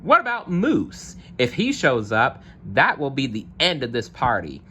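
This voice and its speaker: A man's voice: medium pitch, huge pitch swings, unhurried, pushed and bright, a little hiss or hum, voice pushed up, exaggerated voice. A man voicing a grumpy alligator in a read-aloud storybook, grumbling and blaming others in a raised voice. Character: grumpy complaining alligator at a party.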